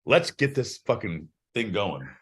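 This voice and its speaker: Husky, profane, teasing male co-host. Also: lowish voice, sing-song, a little slow. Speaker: podcast co-host. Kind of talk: casual comedic banter.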